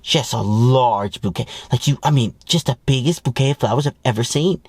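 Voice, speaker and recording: A man's voice: mid-range voice, brisk, a little mellow, slightly rough, dry recording. A man mocking a young wife who brags breathlessly about how perfect her husband is. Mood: gushing. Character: bragging young wife gushing over husband.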